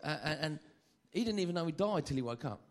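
A man preaching a sermon, lively and joking, often stammering and repeating phrases. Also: a little high, fast, a little hiss or hum.

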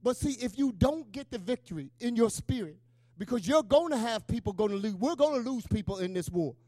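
A man's voice: extremely high pitch, expressive, a little fast, dark tone, no room sound. A middle-aged man, a pastor, preaching an emotional, conversational sermon with call-and-response asides.

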